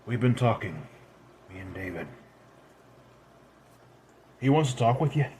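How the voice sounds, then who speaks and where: A man's voice: lowish voice, big pitch swings, measured pace, darkish tone, a little hiss or hum. A man voicing an ancient, proud red-haired immortal woman who speaks in a commanding, scolding way. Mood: wry.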